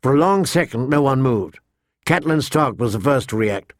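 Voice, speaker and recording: A man narrating a fantasy audiobook in an even, measured storytelling voice. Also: mid-range voice, dry recording, studio quality. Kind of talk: scripted narration.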